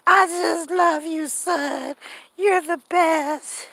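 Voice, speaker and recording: A woman voicing her doting mother-in-law in a syrupy, overly sweet, high voice. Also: steady tone, moderate pace, a little hiss or hum. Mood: whiny.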